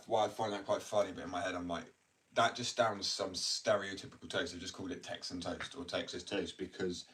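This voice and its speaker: Young British man, deep voice, loose rambling chat, off-mic. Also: fairly bright tone, far from the mic. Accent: British English. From United Kingdom. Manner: rambling, self-mocking, swears casually. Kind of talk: casual chat. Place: at home, indoors.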